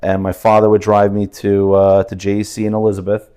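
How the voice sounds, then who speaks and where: Brief: interview guest, man, Russian speaker, casual and rambling, low voice. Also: monotone, fairly quick, dark tone, clear, resonant tone. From New Jersey, USA. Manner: chatty, many fillers and restarts.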